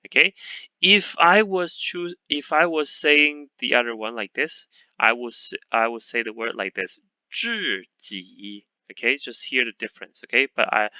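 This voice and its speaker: A man teaching a Chinese pronunciation lesson, patiently repeating sounds slowly for learners. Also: mid-range voice, pushed and bright, clear, resonant tone, no room sound, dull audio. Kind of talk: online language lesson.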